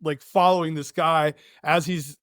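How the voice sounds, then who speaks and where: A man guesting on a podcast, telling a story in an animated way and laughing often. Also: a little high, measured pace, dry recording, clean studio sound. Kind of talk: casual podcast chat.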